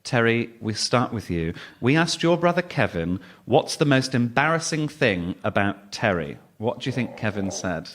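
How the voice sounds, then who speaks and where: A man's voice: mid-range voice, big pitch swings, moderate pace, hardly any pauses, a bit bright. A man with a Birmingham accent hosting a radio comedy panel show, joking and teasing his guests. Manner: jokey, teasing. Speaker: host.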